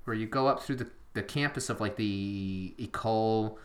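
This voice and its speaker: With a fairly low pitch and a moderate pace, a man co-hosting a podcast rambles through casual chat. He's self-deprecating and leans heavily on fillers.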